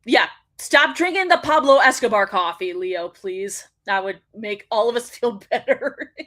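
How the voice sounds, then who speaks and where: A woman's voice: on the high side, lively intonation, measured pace, fairly bright tone. A woman hosting a wrestling show, ranting in casual commentary, swearing freely and laughing often.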